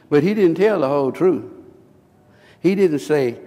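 A man preaching a sermon, impassioned, rising into emphatic shouts and asking the congregation questions. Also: fairly high pitch, moderate pace. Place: church sanctuary. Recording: live church recording with long reverb.

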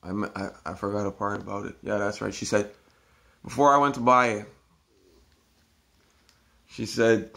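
A man tells a rambling story from his day in a gravelly, lowish voice. He talks haltingly and keeps restarting his sentences, with a swear word here and there. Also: level tone, sharp tone. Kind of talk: casual storytelling monologue.

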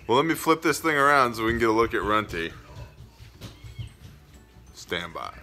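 A man's voice: mid-range voice, very animated, moderate pace, bright, forceful tone, faint music behind. A man hosting a home vlog, filming on a handheld camera indoors and chatting casually with dry, teasing humor. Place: at home by a kitchen sink, indoors. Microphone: handheld camera he films with.

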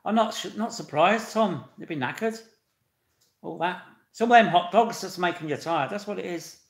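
A man hosting a live stream, chatting and laughing as he reads out viewers' comments and greets them loudly. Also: high-pitched, moderate pace, creaky. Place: echoey indoor room. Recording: echoey room.

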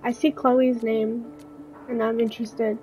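Chatty high-voiced young woman gamer. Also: little pitch movement, measured pace, a little mellow, faint music behind, rough recording. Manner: chatty, self-deprecating reactions. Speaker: gaming streamer. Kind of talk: casual let's-play commentary.

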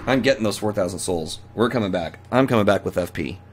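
A man's voice: fairly low pitch, lively intonation, quick pace. A man giving live gameplay commentary as a streamer, jittery and panicky, talking to himself and to the game. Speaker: let's play livestreamer.

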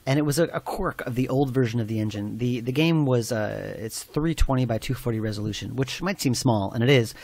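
A man's voice: mid-range voice, fairly quick, few pauses, darkish tone, no room sound. Man giving thoughtful game commentary. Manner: thoughtful, many fillers and restarts. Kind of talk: commentary track, casual explanation.

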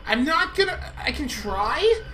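A woman playing a horror game with her twin, excitable and swearing at the jump scares. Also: sits high, measured pace, background noise. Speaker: let's play co-host. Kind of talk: casual gameplay banter.

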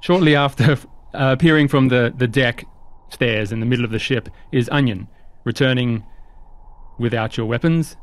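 A man's voice: medium pitch, normal speed, no echo. Casual male game master. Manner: casual, chatty, descriptive. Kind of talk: narrating a tabletop game.

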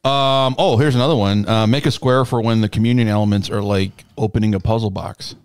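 A man's voice: on the low side, brisk, smooth, no echo, clean studio sound. A man co-hosting a church podcast, chatting casually and telling joking stories. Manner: joking, animated storyteller. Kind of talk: casual chat.

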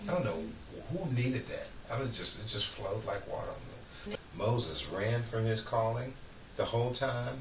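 A man who is a guest on a radio show, preaching in casual chat with fervent, lively storytelling. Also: mid-range voice, normal speed. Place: radio studio. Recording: echoey room, far from mic, faint noise.

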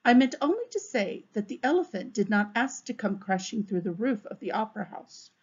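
A woman voicing a small, principled male policeman who reasons calmly, in a storybook read-aloud. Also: mid-range voice, fairly quick, slightly rough. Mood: earnest. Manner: calm, reasoning. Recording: dull, muffled recording.

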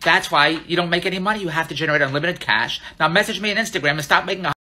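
An older man vlogging on his phone, pitching money tips in a boastful, excitable, repetitive way. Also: rapid-fire, a little hiss or hum. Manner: boastful, excitable sales pitch, repeats himself, laughs at his own jokes. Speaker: social media entrepreneur. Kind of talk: casual selfie vlog monologue. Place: out and about in a shopping mall and streets.

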